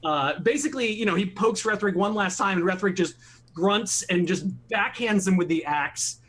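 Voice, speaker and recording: Higher-voiced young male player. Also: animated, normal speed, fairly bright tone. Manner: hesitant with fillers, then vivid storytelling. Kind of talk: tabletop role-play chat.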